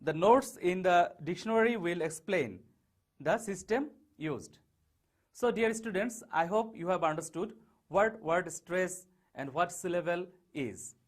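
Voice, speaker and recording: A man teaching an online lesson, saying key words slowly one at a time. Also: high-pitched. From Bangladesh. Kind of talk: online English lesson over slides.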